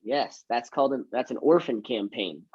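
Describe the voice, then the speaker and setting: A man's voice: mid-range voice, normal speed, darkish tone, husky, dry recording, dull audio. A man who works in real estate, chatting casually and teaching, self-mocking and acting out his door-knocking lines. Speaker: real estate agent and trainer.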